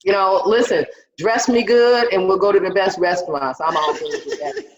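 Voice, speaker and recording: A female stand-up comic performs a set over a video call, her mid-range voice moving at a moderate pace against crowd noise. She tells raunchy, profane stories and acts out the quotes. The audio is roomy, dull and slightly muffled, typical of a video call.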